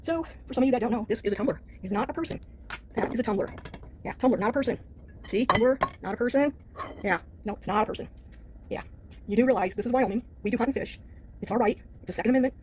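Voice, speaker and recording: A woman's voice: on the high side, fast talker, a little mellow, slight background noise. A woman vlogger in a casual video, dismissive and defiant, laughing off the complaints against her. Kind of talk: casual vlog rant.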